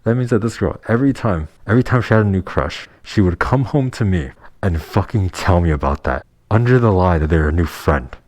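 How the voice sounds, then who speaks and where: A young man with a deep, low-pitched voice tells a personal story as a vlogger. He talks casually but heatedly, bluntly and with plenty of swearing. The sound is dry, with no room echo. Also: animated, brisk, few pauses, a little mellow.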